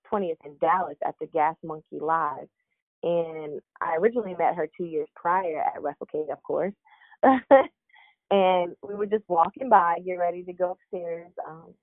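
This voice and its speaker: A young woman wrestler, a guest in a casual interview, telling lively stories, laughing and acting out what others said. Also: on the low side, no room sound. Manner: animated, laughs often, acts out quotes. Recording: dry narrow phone-like line.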